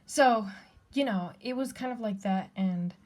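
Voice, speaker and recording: A woman's voice: on the high side, unhurried, darkish tone. A woman telling a personal story in a blunt, heated, profane rant, speaking straight to the camera. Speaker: vlogger.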